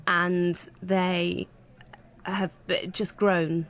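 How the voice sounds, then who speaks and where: A woman's voice: fairly low pitch, little pitch movement, very slow. A woman who runs a comedy school, telling enthusiastic anecdotes in an interview. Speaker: comedy school founder and teacher. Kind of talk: interview answers.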